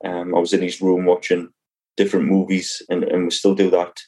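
A man's voice: low voice, completely flat delivery, a little fast, darkish tone, husky. A young man, a cricketer, chatting casually as podcast co-host in a laid-back way with lots of fillers. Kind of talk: casual chat.

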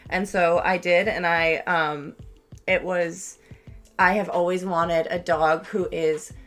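Young woman, podcast co-host, lowish voice, rambling chatty delivery, faint music under it. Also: steady tone, slow pace, fairly bright tone. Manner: rambling, full of likes and restarts. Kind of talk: casual chat.

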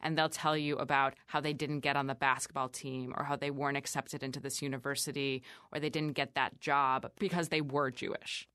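A woman with a low voice talks through her story in a relaxed interview. She leans on "like" and "you know," and slips into quick voices of the people she quotes. The sound is dry and close, with no room around her. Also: clean tone, no echo. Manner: chatty, frequent "like" fillers, quoting others in lively voices. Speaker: chef and restaurant owner, guest. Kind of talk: casual interview conversation.

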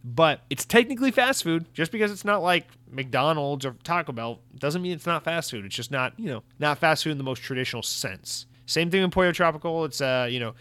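A man's voice: on the high side, brisk, few pauses, dry recording. An American man hosting a podcast in a casual, rambling way, reading out listener comments and reacting to them. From United States. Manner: rambling, animated, reads listener comments aloud. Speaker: podcast host. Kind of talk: casual solo podcast chat.

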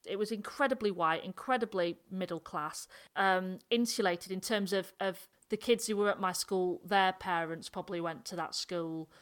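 A woman from North Yorkshire with a Yorkshire accent, talking in a casual, animated discussion. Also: fairly low pitch, normal speed, hardly any pauses. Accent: Northern English, Yorkshire. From North Yorkshire, England.

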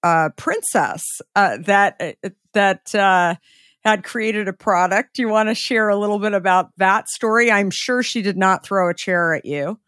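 A woman's voice: mid-range voice, measured pace, fairly bright tone, dry recording. Woman host, dry close sound, rambly questions, lots of "right?" and "and, and". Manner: loose, repeats words, tags questions with "right?". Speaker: podcast host. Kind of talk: casual interview chat.

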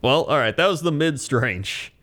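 A man's voice: a little high, expressive, normal speed, fairly bright tone. A man co-hosting a podcast, reacting with laid-back, wry comments in casual chat. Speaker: podcast co-host.

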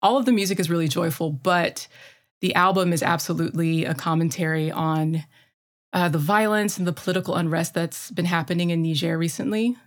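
Midwestern woman co-host, lower register, eager and talkative. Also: brisk. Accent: Midwestern American. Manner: enthusiastic, chatty, many fillers. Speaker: podcast co-host. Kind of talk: casual music chat.

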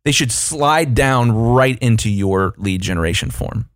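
A male podcast co-host in casual business chat, animated and acting out what imagined clients say in shifting voices. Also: mid-range voice, unhurried, dry recording, studio quality. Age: adult, past his younger years.

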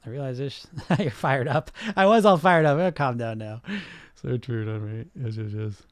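Male podcast coach, high animated voice, brash and profane, mocks listeners' excuses. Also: normal speed, clear, resonant tone, no room sound, clean studio sound. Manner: blunt, profane, fires rhetorical questions. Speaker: weight loss coach and podcast host. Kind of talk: casual podcast monologue.

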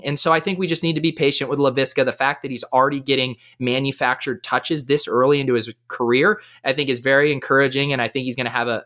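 A man giving fantasy football analysis as a guest in a casual podcast chat, talking with energy. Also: mid-range voice. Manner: energetic, fast-flowing analysis.

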